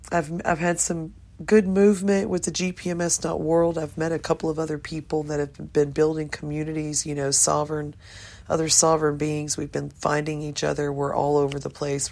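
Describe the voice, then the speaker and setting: A woman's voice: deep voice, gravelly, darkish tone. An older woman talking to her viewers in a rambling, emotional monologue, swearing casually. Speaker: vlogger.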